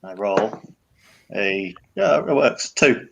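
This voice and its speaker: Lively man, joking player. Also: lowish voice, slow pace, vocal fry, lo-fi sound, noisy background. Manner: joking, laughing often.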